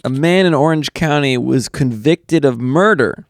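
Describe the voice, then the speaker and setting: A man co-hosting a podcast, reading out news items and landing deadpan puns in casual comedic chat. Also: mid-range voice, a little slow. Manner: deadpan joke-telling, trails off with fillers. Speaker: podcast co-host.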